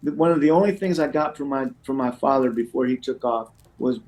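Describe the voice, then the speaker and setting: A middle-aged man talking as an interview guest in a casual, earnest way. He speaks with passion, stumbling over restarts and leaning on "you know" and "right?". His voice sits at an ordinary pitch for a man. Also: a little fast, darkish tone, rough recording. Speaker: guest speaker in addiction recovery.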